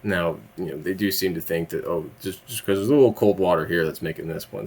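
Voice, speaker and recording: A man's voice: low-pitched, fairly quick. A man rambling through a casual vlog monologue, laughing mid-sentence and swearing when annoyed. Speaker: vlogger.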